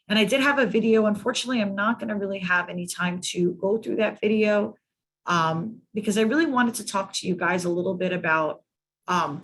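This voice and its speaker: Woman clinician, mid-pitched and a little breathy, emphatic storyteller on a video call. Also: a bit bright. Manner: emphatic, repeats words for stress. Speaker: mental health clinician presenting to colleagues. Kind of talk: storytelling in a training presentation.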